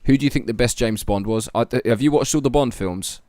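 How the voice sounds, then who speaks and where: A man's voice: medium pitch, fairly quick, mellow, no room sound, clean studio sound. A young man co-hosting a podcast, teasing and asking curious questions with lots of hesitations. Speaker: podcast co-host. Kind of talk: casual chat. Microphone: own microphone.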